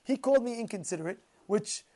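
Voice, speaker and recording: Animated high-voiced man telling a sermon story. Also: quick pace. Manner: animated, repeats phrases for emphasis. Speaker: Torah teacher.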